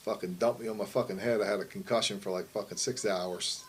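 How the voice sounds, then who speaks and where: Middle-aged man, casual interview, low voice, rambling, swears a lot, trailing off into mumbles. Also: fairly even intonation, fast talker, slight background noise, rough recording. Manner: rambling, profane, frequent "you know what I mean". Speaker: wrestling promoter.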